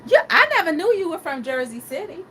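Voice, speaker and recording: A woman hosting a casual livestream talk show, chatting with viewers' comments and acting out quotes in animated stories. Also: very high voice, brisk, a little hiss or hum. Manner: animated storyteller, acts out quotes, laughs often. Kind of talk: casual chat reading live comments.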